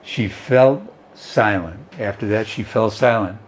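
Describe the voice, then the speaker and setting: A man's voice: lowish voice, measured pace. A male teacher reading and explaining a story, who keeps checking in with his students.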